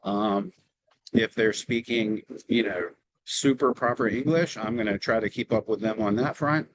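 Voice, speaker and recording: A man with a Southern drawl talks through his approach on a video call. His voice sits fairly low, and his manner is relaxed and explanatory, with filler ums between thoughts. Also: moderate pace, dry recording, low-quality recording. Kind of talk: casual meeting talk. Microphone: video call microphone.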